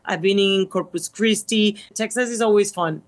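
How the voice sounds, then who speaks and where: A woman's voice: medium pitch, moderate pace. A Colombian woman with a Colombian accent, a native Spanish speaker, giving enthusiastic interview answers. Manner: enthusiastic, with Spanish phrases mixed in. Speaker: celebrity guest.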